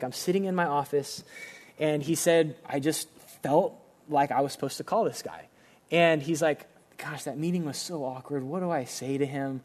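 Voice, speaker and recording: Casual young male preacher, slightly high voice. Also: a little mellow. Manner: casual, conversational preaching with many fillers; acts out dialogue in shifting voices. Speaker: pastor. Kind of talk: sermon.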